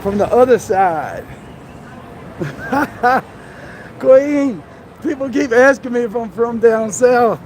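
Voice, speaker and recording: A man's voice: extremely high pitch, expressive, slow, pauses often, darkish tone. Baltimore-accented man, live streamer, chatty and laughing, noisy city street at night. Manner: chatty, laughs often, talks to viewers. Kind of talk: casual live stream chat. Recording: noisy street and traffic sound.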